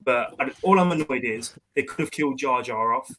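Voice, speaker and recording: Man, animated rant, mocking impressions, middle pitch, casual video-call chat. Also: a little fast, over a noisy crowd, rough recording. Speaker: podcast co-host.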